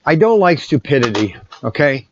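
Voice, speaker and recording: A man talks in a loose, rambling way, often restarting his sentences, as he packs orders in his shop. His voice sits a little high for a man. The recording is somewhat dull and lo-fi, with a faint hiss behind him. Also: sing-song, moderate pace. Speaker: toy shop owner. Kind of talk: casual vlog while packing orders. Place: indoor shop packing area. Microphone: separate mic system away from the camera.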